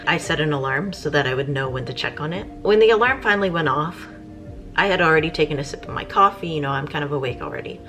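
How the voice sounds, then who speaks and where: Low-voiced woman vlogger chatting casually. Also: lively intonation, fast talker, sharp tone, faint music behind. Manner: chatty, rambling with fillers. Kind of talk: casual chat.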